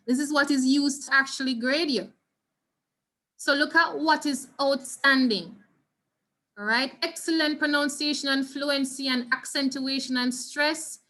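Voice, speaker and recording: A Jamaican woman leads an online revision lesson over a video call. Her voice sits high and sounds bright and clear. She explains step by step and keeps checking that her students follow. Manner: patient, instructive, checks in with "all right?". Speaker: Spanish teacher.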